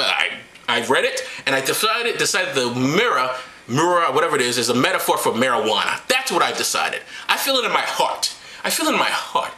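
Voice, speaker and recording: Sarcastic, rambling man with bright voice. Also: medium pitch, roomy sound, low-quality recording. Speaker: host. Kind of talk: comedic Bible retelling.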